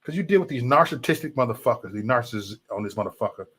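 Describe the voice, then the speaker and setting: Profane, animated male livestream host. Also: medium pitch, fast, husky. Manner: profane, animated, mocking chat trolls. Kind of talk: ranting live-stream chat.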